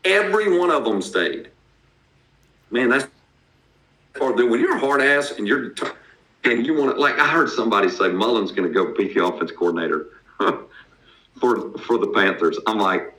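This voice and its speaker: A man with a strong Southern accent, co-hosting a casual sports podcast in a blunt, salty, animated way. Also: mid-range voice, normal speed, pauses often, echoey room, slight background noise, low-quality recording. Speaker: podcast co-host.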